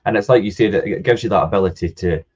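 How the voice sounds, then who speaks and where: Low husky Scottish man chatting. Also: fast, highs cut off. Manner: relaxed, agreeable, rambling sentences. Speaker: co-host. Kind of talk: casual podcast chat.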